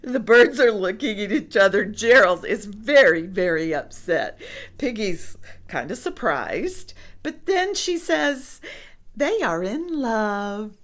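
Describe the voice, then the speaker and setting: A woman reading a picture book aloud to children, asking the listener questions about the pictures. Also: mid-range voice. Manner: slow, expressive, asks the listener questions. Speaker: storybook reader.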